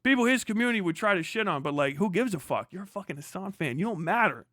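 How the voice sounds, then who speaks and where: A young man with a high, bright, sharp voice rants on a live stream. He swears constantly and sounds heated and mocking. The sound is close and dry. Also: expressive, fast, no room sound. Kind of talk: profane ranting commentary on a live stream.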